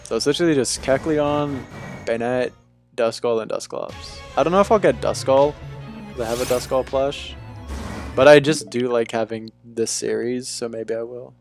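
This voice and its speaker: A young adult livestreamer chats casually with viewers from a room at home, faint music behind him. His voice is medium-pitched at a moderate pace, and he's laid-back and talkative, calling people "dude."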